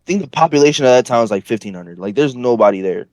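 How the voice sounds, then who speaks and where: A man from northern Florida, a podcast guest telling a rambling, profane, animated story with plenty of fillers. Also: mid-range voice, quick pace, dry recording. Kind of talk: casual storytelling.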